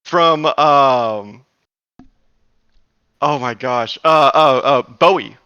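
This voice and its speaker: A man's voice: medium pitch, drawn-out words, pushed and bright, clear, resonant tone, dry recording, dull audio. A man in his thirties telling a long story in casual chat, rambling with lots of fillers and laughs.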